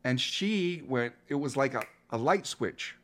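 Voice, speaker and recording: Earnest man in his fifties, coach being interviewed, reflective delivery, mid pitch. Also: lively intonation, measured pace, a bit bright. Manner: earnest, reflective, with frequent restarts. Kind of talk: interview guest telling a story.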